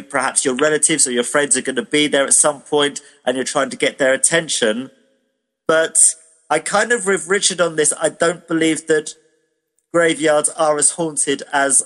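A man from Britain works as a medium and explains his views in a radio interview. He talks in a measured way and hedges a lot. His voice sits a little high, and a long reverb trails after it. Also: fairly bright tone.

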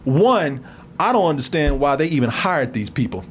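A man hosting a comedic film-review podcast, talking in an animated, profane way and laughing often. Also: a little high, moderate pace, a little hiss or hum.

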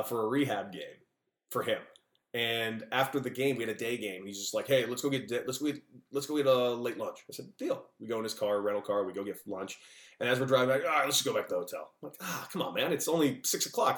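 Ex ballplayer guy telling stories, acts out the voices, echoey room on a call. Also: medium pitch. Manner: animated, jokey, acts out dialogue. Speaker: podcast guest, former baseball player. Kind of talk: casual storytelling. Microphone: remote call.

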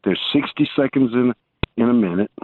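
Calling in to a talk show, a man with a medium-pitched voice talks fairly quickly over a tinny phone connection with slight background noise. His banter is rambling and full of restarts, and he teases the host warmly.

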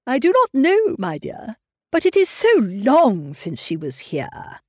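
Mr. Woodhouse, a woman doing a fretful old gentleman. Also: a little high, wildly swooping pitch, slow, husky, dry recording, studio quality, full character voice. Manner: plaintive, sighing, fussing over family. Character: fretful elderly gentleman, anxious and fussy. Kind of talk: audiobook reading of a classic novel.

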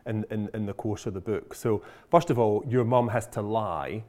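A man's voice: on the low side, steady tone, moderate pace, darkish tone. A man interviewing an author, asking chatty and enthusiastic questions. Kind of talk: conversational interview.

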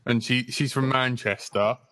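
A man talks slowly and loosely, rambling and poking fun at himself. His voice is bright and forward. The sound is dry and close, with no room around it. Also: mid-range voice, steady tone, no echo. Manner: rambling, self-mocking, laughs often. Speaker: podcast co-host and streamer. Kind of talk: casual chat among friends.

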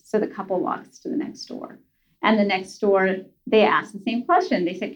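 A woman speaking in an earnest conversational way, telling a story with restarts and soft asides. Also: medium pitch, a little fast. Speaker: guest parent speaker. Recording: slightly dull lo-fi sound.

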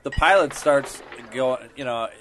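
Man telling a halting story. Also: medium pitch, a bit bright. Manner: halting, with restarts. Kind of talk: casual storytelling.

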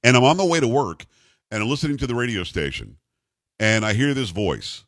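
A man hosting a radio talk show with a bass voice, telling stories casually and jokingly, doing voices for the people in them. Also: a little fast, dry recording. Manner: animated, jokey, puts on voices for the people in his stories. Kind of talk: casual on-air storytelling. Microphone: studio microphone.

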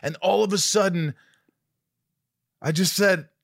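Brief: man, fairly high voice, podcast host, heartfelt and open, dry recording. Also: animated, moderate pace, fairly bright tone, dry recording. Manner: sincere and moved, sharing a personal story. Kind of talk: candid conversation.

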